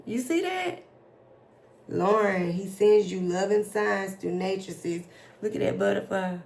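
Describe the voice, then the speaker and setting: A woman doing a casual tarot reading for her viewers, slowly reading out card messages and reacting to them. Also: mid-range voice, creaky, darkish tone. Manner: slow, drawn-out, reads card text aloud then reacts emotionally. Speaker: tarot reader.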